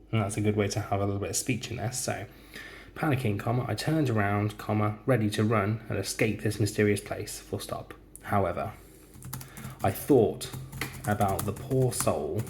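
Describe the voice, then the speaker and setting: Slow, low-voiced man dictating a story lesson. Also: gravelly, a little hiss or hum. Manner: slow, deliberate dictation, speaking punctuation aloud. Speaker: teacher. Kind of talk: typing while dictating a model story.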